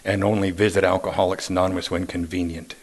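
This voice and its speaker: A man quoting a gentle fatherly old man. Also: low voice, little pitch movement, voice pushed down. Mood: gentle urging. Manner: soft, kindly, unhurried.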